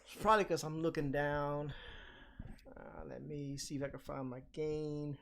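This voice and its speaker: Loud guy hosting a live stream, voice a bit high, laughs a lot, desk mic. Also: fairly even intonation, normal speed, creaky, a little hiss or hum. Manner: loud, laughing, talks while drawing. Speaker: streamer host. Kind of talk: casual chat. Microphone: desk mic with gain turned up.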